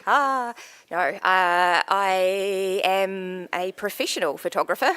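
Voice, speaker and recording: A woman's voice: medium pitch, unhurried, fairly bright tone, clear, resonant tone. A New Zealand woman, a photography judge, introducing herself casually with lots of giggles and self-deprecating jokes. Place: judging room.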